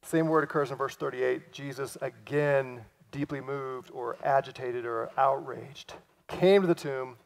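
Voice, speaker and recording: A man preaching a sermon, acting out quoted lines and swinging from loud cries to hushed, near-whispered passages. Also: mid-range voice, unhurried, vocal fry. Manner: acts out quoted lines in lively voices. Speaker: pastor.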